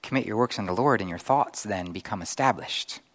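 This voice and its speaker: A man's voice: on the low side, a little fast. Male pastor, middle-aged, conversational sermon, acts out little scenes. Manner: conversational preaching with animated acted-out asides.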